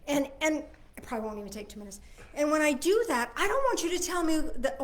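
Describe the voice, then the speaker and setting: A woman with a fairly high voice leading a relaxed spiritual service. She talks to her listeners as if chatting and often checks that they follow. She drops to quiet asides and then rises for firm, emphatic points. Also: fast, slight background noise. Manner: swings between soft asides and emphatic points. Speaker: spiritual minister. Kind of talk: informal Sunday service teaching.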